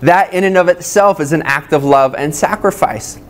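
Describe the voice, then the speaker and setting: A man's voice: on the high side, normal speed. A male pastor preaching a sermon at a church service that is also streamed online, talking conversationally and addressing his listeners directly.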